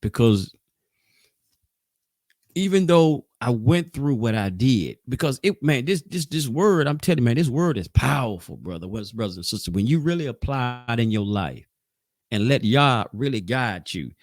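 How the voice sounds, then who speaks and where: A man's voice: medium pitch, big pitch swings, moderate pace, dry recording, clean studio sound. A man leading an informal Sabbath Bible class, talking loosely and conversationally, pushing hard on key points and stumbling through restarts. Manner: loose and conversational, rising and falling in emphasis, with frequent restarts.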